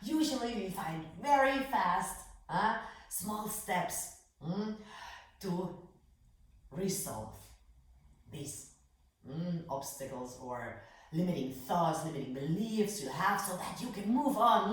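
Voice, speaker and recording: A woman from Bavaria whose first language is German, closing a yoga lesson as teacher and life coach, gentle and often adding a soft "mm?". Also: fairly low pitch, animated, takes it slowly, heavy reverb, far from the mic, low-quality recording. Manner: gentle, adds soft "mm?" after phrases. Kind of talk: closing talk of a yoga class.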